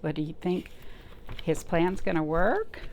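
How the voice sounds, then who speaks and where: Slow, expressive woman reading a storybook. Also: on the low side, slight background noise. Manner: slow, expressive, pausing to talk to young listeners. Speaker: children's librarian. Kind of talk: reading a picture book aloud to children.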